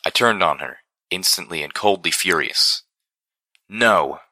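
Deep male narrator, very bright edgy timbre, dry close mic, steady dramatic reading. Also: moderate pace, no echo. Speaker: audiobook narrator. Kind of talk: first-person fiction narration.

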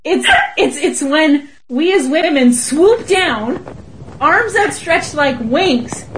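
A woman's voice: sits high, expressive, takes it slowly, slight background noise. A woman co-hosting a casual comedic chat, playful and bawdy, laughing often. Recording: voice recording.

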